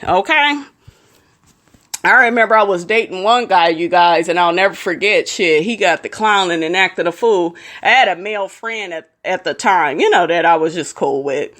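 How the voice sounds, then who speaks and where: A woman's voice: mid-range voice, normal speed, pushed and bright. A woman vlogger giving blunt, profane, emphatic commentary straight to her viewers. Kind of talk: casual commentary.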